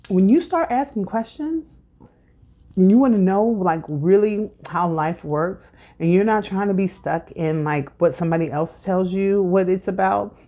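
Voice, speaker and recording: A woman with a somewhat low voice gives a casual spiritual tarot reading to her camera at home. She talks in a chatty, encouraging way, full of "like" and "you know". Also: warm tone. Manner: chatty and encouraging, many fillers. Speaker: tarot reader. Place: at home with incense burning.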